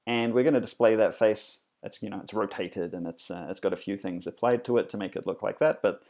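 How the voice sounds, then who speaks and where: A man's voice: on the low side, brisk, a little mellow. A man teaching a coding lesson in a casual, explanatory way, with frequent fillers and self-corrections. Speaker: instructor. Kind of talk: screencast coding tutorial.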